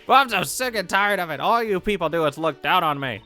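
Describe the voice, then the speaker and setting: A man voicing a shrill, nagging elderly female guard who fawns and scolds by turns. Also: very animated, a little fast, pushed and bright, faint music behind. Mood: aggrieved. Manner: screechy, fawning and scolding by turns.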